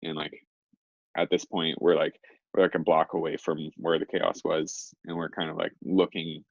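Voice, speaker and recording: Low, gravelly young man rambling casually. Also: little pitch movement, normal speed, dry recording. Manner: rambling, heavy on fillers. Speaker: interview guest. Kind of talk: casual storytelling. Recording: dry, slightly dull lo-fi recording.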